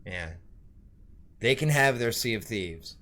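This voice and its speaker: Bright-voiced joking male streamer. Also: mid-range voice, lively intonation, takes it slowly. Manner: joking, swearing, rambling. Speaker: streamer and show host. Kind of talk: casual stream chat.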